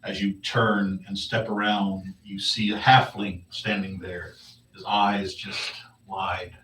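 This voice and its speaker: A man narrating a tabletop game as game master, halting and low-key, recorded far from the mic. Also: little pitch movement, a bit bright. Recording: echoey room, mic far off, faint hiss.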